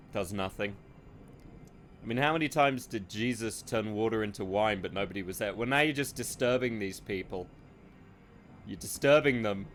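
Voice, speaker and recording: Sweary streamer, sarcastic banter. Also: male voice, lowish voice, fairly bright tone, slight background noise. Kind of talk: live game streaming commentary.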